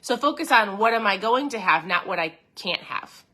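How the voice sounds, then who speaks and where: A woman's voice: medium pitch, animated, moderate pace, bright, forceful tone. A woman hosting a podcast, chatting in a casual, upbeat way to her listeners, reading passages from a book and commenting on them. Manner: addresses listeners directly with frequent check-ins. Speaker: podcast host. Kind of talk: casual motivational talk.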